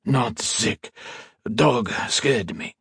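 A man voicing a calm, menacing impostor with a pistol, hoarse and clipped, a little higher than his own voice. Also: extremely slow, no echo, clean studio sound, heavily acted. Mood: mumbling. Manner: clipped, even, threatening.

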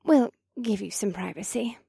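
A man voicing an eager, earnest young woman in an audiobook, with a raised, gravelly voice. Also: high voice, normal speed, warm tone, dry recording, studio quality, voice pushed up, heavily acted. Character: eager sleepy young red-haired woman. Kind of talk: audiobook character voice.

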